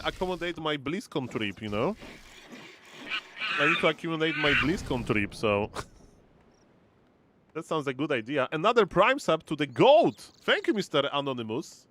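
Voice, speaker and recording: A man's voice: high-pitched, fairly bright tone. A young man casually casting a strategy game on a live stream, playful and chatty, calling out exclamations and reading viewer messages aloud. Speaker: esports caster and streamer.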